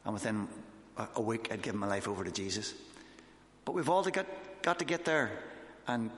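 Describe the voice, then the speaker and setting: A man's voice: fairly low pitch, big pitch swings, fairly quick, a bit bright. A man, a missionary, giving an informal sermon with his own testimony, talking conversationally with fillers and restarts. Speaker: missionary preacher. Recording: echoey hall.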